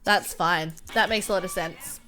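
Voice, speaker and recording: A woman's voice: lowish voice, moderate pace, bright, forceful tone, faint music behind. A young woman casually commenting on her gameplay, chatty and often giggling. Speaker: gameplay video host.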